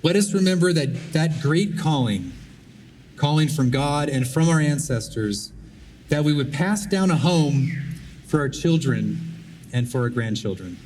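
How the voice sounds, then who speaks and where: A man's voice: a little high, lively intonation, measured pace, darkish tone. Earnest man giving a speech from afar. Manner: earnest, exhorting, with repeated phrases. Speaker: conference speaker. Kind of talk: prepared public speech. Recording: distant mic with faint background noise.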